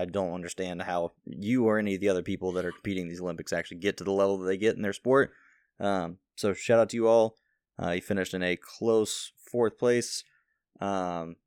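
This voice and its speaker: Man, very low voice, dry close sound, relaxed podcast co-host. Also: clear, resonant tone, no room sound. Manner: relaxed, gives shout-outs. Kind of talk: casual chat.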